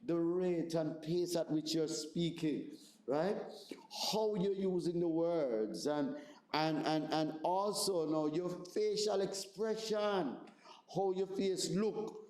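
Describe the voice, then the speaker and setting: A man's voice: fairly high pitch, takes it slowly, a little mellow. A man in his forties with a Jamaican accent, a pastor teaching a seminar in a conversational way, often checking in with "right?". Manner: conversational, repeats words, asks "right?". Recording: roomy echoey room.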